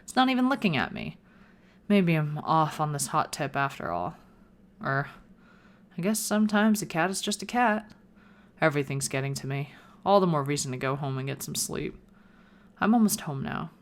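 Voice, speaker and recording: Low-voiced woman reading a game aloud. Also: very animated, normal speed, pauses often. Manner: narrates in first person with playful asides. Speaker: gaming video creator. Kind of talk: reading a visual novel aloud with commentary.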